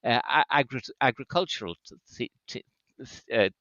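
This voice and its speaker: Guest linguist, male, hesitant but delighted; crisp bright tone, dry and slightly muffled. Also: medium pitch, lively intonation, normal speed, no room sound. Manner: hesitant, many fillers and restarts; relishes idioms, enthusiastic asides. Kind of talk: conversational interview.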